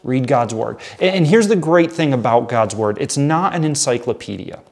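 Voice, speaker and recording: A man's voice: mid-range voice, animated, normal speed, creaky, a little mellow. An earnest man teaches a midweek Bible study, speaking conversationally to a camera audience. He reads scripture passages aloud and then rephrases them in plain, everyday words. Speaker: pastor.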